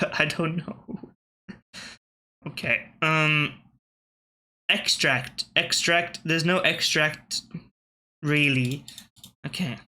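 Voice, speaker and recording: A man hosts a gaming channel, muttering his way through word puzzles in casual let's-play commentary. His voice sits a little high for a man and rings bright and sharp, with offhand swearing and half-finished thoughts. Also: steady tone, extremely slow, long pauses.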